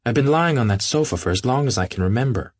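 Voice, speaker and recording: A man's voice: medium pitch, lively intonation, fast talker, slightly rough, dry recording, clean studio sound, voice pushed up. A man reading an audiobook, voicing a cool, languid young sportswoman who speaks offhandedly. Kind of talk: audiobook character voice.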